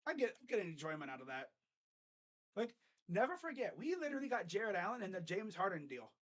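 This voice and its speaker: A fan streamer calls a game live with casual, joking commentary. The voice swings widely, surging loud on big plays and dropping to murmured asides in between. The tone is sarcastic and very animated. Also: medium pitch, fairly quick. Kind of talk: casual live play-by-play reaction.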